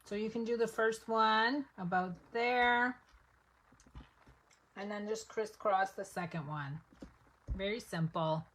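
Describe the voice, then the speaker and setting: A woman's voice: mid-range voice, slow, pauses often, fairly bright tone, a little hiss or hum. A woman giving a live papercraft demonstration, chatting to viewers step by step as she works. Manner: chatty, step-by-step, talks to viewers while working. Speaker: papercraft instructor.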